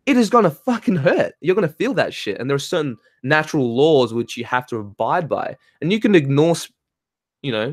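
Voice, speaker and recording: A man's voice: a little high, no room sound. Ranting man, dry close sound. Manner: animated, swearing, ranting with laughs. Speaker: spiritual talk host reading chat. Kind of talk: heated casual monologue.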